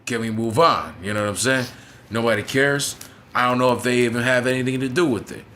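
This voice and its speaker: A man's voice: mid-range voice, fast talker, a bit bright, slight background noise. A man reviewing a wrestling show in a casual, profane, frustrated rant, often asking "you know what I'm saying?".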